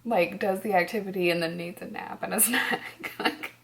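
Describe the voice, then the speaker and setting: Woman vlogger, tired, rambling home chat, slips into soft near-whispers, average pitch. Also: steady tone, normal speed, creaky, a little hiss or hum. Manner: rambling, laughs often, drops to near-whispers. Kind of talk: casual chat to camera.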